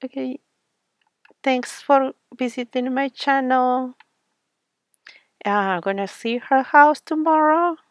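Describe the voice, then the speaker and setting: Slow, soft-spoken woman narrating gameplay. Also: sits high, no echo. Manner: soft-spoken, slow, with frequent fillers and small laughs. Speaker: gaming channel host. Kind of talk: casual gameplay commentary.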